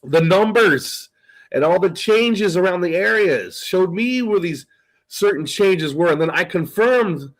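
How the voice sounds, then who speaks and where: Rambling male guest, high-pitched, loose and profane. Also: expressive, a little slow, poor audio. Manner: rambling, swearing, tells stories with quoted dialogue. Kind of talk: casual chat on a call.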